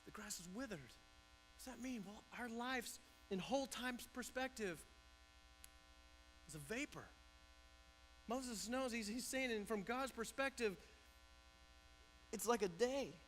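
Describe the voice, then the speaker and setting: A man's voice: extremely high pitch, animated, measured pace, long pauses, a bit bright, faint music behind, rough recording. A man pastor preaching a conversational sermon in a church, often restarting and repeating words.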